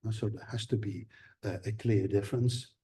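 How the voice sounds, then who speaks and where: A man giving an academic seminar lecture, explaining things in a measured way. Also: on the low side, fairly even intonation, dark tone, husky.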